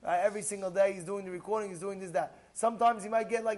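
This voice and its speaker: A man with a very high voice teaches a religious lesson. He is animated, often repeats phrases for emphasis, and slips into acted-out bits of dialogue as he explains. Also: fast talker. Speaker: rabbi. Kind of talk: Torah lesson to listeners.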